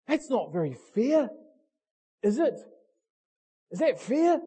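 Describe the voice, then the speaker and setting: A man's voice: very high voice, big pitch swings, takes it slowly, pauses often, dark tone, slightly rough. A man preaching a passionate sermon, talking bluntly and asking the congregation direct questions. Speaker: pastor.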